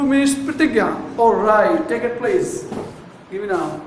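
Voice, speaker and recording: A man's voice: very high voice, takes it slowly. A man teaching a classroom, giving commanding instructions and repeating himself. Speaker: English teacher. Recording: echoey room, faint background noise.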